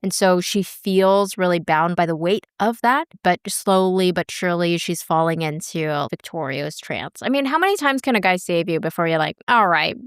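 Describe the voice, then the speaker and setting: A woman's voice: lowish voice, expressive, moderate pace, hardly any pauses, clean tone, no room sound, studio quality. A woman co-hosting a podcast, recapping a drama in casual chat with a wry, chatty manner. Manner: chatty, wry, laughs often. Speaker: podcast co-host.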